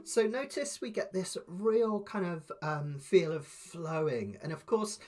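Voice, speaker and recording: Man teaching ukulele, lively pitch. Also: measured pace, over loud music. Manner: patient, explains step by step, softly counts beats aloud. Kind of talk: live online music lesson.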